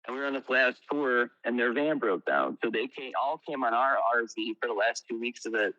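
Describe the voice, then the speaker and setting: A man who is a guest musician, telling tour stories in a casual interview, animated and swearing freely. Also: mid-range voice, brisk, dull audio.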